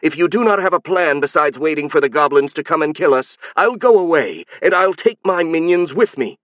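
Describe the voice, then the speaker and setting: A shrill, alien-sounding hive queen, as a male audiobook narrator puts her on, proud and stubborn. The voice sits well above the reader's own, forceful and defiant, recorded dry and close. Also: animated, fairly quick, no room sound, dull audio. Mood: heated.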